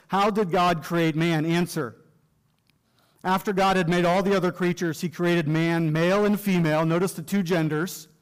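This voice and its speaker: A man with a high voice preaches to a gathered room in a teaching sermon. He speaks earnestly and deliberately, drawing out the words he wants to stress. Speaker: pastor teaching a class. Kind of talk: sermon lecture. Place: church room with audience.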